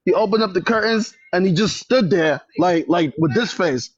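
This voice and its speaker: A man in a library venting on a phone livestream, telling a story with lots of repetition and getting loud when upset. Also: high voice, expressive, normal speed, dry recording, muffled recording. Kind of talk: casual livestream chat. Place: public library.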